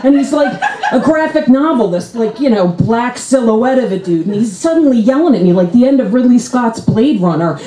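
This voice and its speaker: A woman's voice: moderate pace, reverberant, poor audio. A woman performing a stand-up comedy set on a club stage, acting out the people in her stories with big jumps in her voice. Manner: animated, acts out characters with big pitch jumps.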